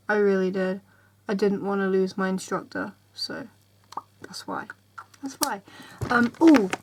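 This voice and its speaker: This vlogger is a young woman talking to camera from her bedroom with a mid-range voice. She's tired and rambles casually, occasionally sinking into a soft, almost whispered tone.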